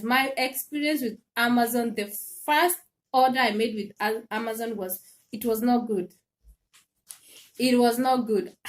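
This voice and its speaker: Woman, livestream host, casual chat, animated storytelling, slightly high-pitched. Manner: animated storytelling with laughs and repeated phrases. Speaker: live stream host. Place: home in Sweden.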